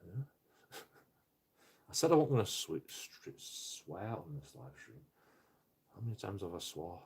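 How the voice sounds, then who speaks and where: A man's voice: low-pitched, big pitch swings, takes it slowly, creaky, darkish tone, breathy edge. A man ranting casually on a live stream, rambling and profane, with lots of stumbling restarts.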